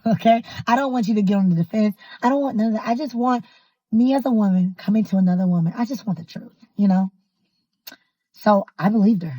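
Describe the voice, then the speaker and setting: A woman in her thirties telling a personal story in a casual, animated and emphatic way, often exasperated. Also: mid-range voice, dry recording, rough recording.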